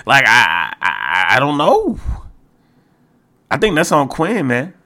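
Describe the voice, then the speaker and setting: A man hosts a solo sports podcast, talking casually but growing exasperated, his pitch swooping wildly and jumping high when he gets worked up. He takes it slowly, sounding pushed and bright, and keeps repeating himself and stumbling into restarts.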